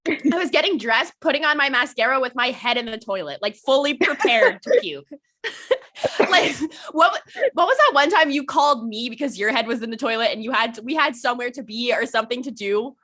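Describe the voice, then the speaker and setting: A woman's voice: fairly high pitch, lively intonation, brisk, pushed and bright. A young woman co-hosting a podcast in casual chat, talkative, cursing often and laughing a lot. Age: young adult. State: hiccups. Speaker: podcast co-host.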